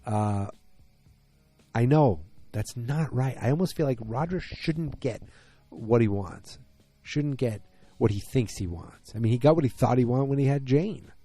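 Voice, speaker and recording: A man's voice: medium pitch, moderate pace, warm tone, husky, soft background music. A man in his forties casually recapping a TV episode on his own, rambling and hesitant, with lots of ums and asides.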